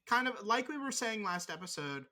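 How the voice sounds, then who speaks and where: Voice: mid-range voice, sing-song, moderate pace, pushed and bright. A podcast co-host in casual chat, rambling and teasing, swearing freely.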